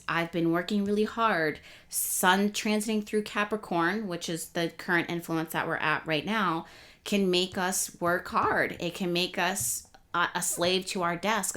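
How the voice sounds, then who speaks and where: A young woman hosting an astrology channel, talking casually and rambling a little as she explains the week's transits. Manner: chatty, rambling, self-correcting; speeds up and rises in pitch when excited. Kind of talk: casual astrology talk to camera.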